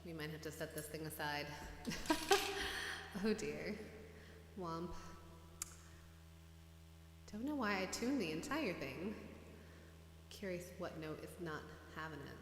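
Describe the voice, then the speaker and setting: A woman's voice: low voice, animated, takes it slowly, pauses often, echoey room, long reverb tail, noisy background. A woman musician hosting a livestream, chatting casually and rambling in a self-deprecating way between songs.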